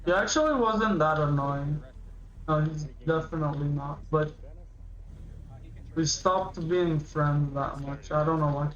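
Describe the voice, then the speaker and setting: A man's voice: fairly high pitch, unhurried, a bit bright, highs cut off. A man in his late teens chatting casually and musing aloud while reacting to a video on a livestream. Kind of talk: casual rambling chat.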